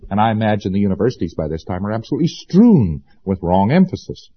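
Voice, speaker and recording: A man's voice: fairly low pitch, sing-song, fast talker, slightly rough. Folksy sarcastic male lecturer, muffled tape. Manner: folksy and sarcastic, with emphatic repetition. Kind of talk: informal lecture to students.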